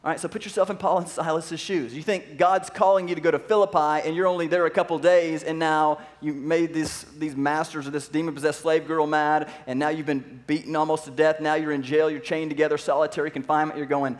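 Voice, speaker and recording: A pastor preaching a sermon in an animated way, acting out voices and asking the audience questions. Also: male voice, fairly high pitch, fairly quick, few pauses.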